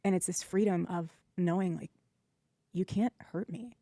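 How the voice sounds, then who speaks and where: A woman's voice: fairly low pitch, normal speed, warm tone, dry recording, studio quality. A woman speaking earnestly and defiantly in a faith-based question-and-answer session. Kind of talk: earnest personal testimony.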